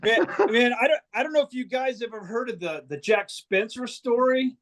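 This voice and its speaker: A man's voice: very high-pitched, moderate pace, fairly bright tone. A man, a guest musician, telling a long anecdote in a casual, profane, rambling way with frequent restarts. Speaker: band member guest. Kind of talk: casual storytelling.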